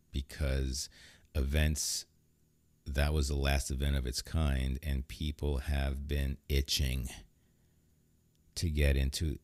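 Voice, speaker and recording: Very deep-voiced man hosting a podcast. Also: darkish tone, no echo. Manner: rambling, joking, loose. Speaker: podcast host. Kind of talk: casual solo podcast talk.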